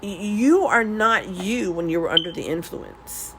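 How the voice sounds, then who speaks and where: A woman's voice: mid-range voice, a little slow, background noise. A middle-aged woman talking candidly to her viewers, rambling and restarting often with laughs between thoughts. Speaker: beauty vlogger swatching nail products. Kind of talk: casual confessional chat.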